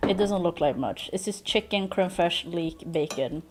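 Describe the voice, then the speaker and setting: A woman streamer chatting casually at her home desk into a desk microphone, excitable, gushing thanks, laughing and swearing. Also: lowish voice, moderate pace, slight background noise. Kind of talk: casual live-stream chat.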